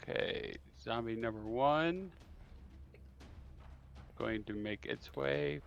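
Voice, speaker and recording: Slow gravelly man running a game. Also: mid-range voice, animated, a bit bright, dull audio, faint music behind. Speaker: dungeon master.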